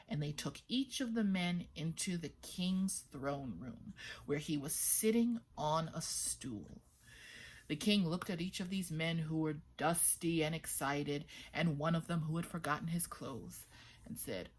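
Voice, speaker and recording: A woman's voice: low-pitched, measured pace. Woman telling a folktale aloud. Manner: expressive, lively narration with hushed moments. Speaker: children's storyteller. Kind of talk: oral folktale storytelling.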